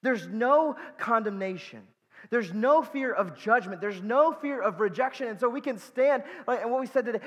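High-voiced preacher in a reverberant hall. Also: male voice, lively intonation, moderate pace, a bit bright, lo-fi sound. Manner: earnest preaching with emphatic repetitions and asides. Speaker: pastor. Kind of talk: sermon.

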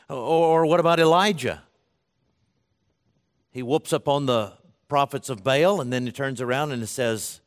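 A man's voice: medium pitch, measured pace. A man preaching a sermon in a conversational way, often restarting phrases and acting out the words of biblical figures. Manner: conversational, voices scripture quotes, frequent restarts.

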